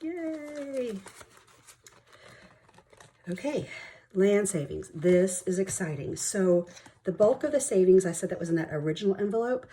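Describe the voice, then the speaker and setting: A young woman vlogger, chatting excitedly as she counts cash at home. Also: medium pitch, fairly quick. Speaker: budgeting vlogger. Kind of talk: casual chat while counting cash.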